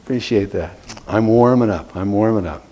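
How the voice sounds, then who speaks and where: A man's voice: lowish voice, normal speed, dark tone. A man teaching an evangelism class, earnest and repeating key words for emphasis. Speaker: evangelism trainer.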